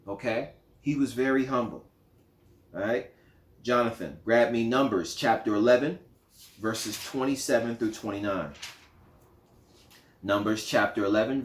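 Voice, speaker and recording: Animated preacher in an echoey room. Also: male voice, medium pitch, a little slow, pauses often. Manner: animated, acts out quotes in lively voices. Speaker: Bible study teacher. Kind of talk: sermon-style Bible lesson.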